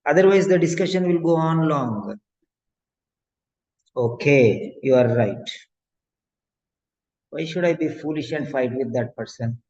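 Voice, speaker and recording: A man's voice: fairly high pitch, a little slow, long pauses, a little mellow. A male exam coach giving a motivational lecture, preachy and repeating phrases for emphasis. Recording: dull lo-fi lecture audio.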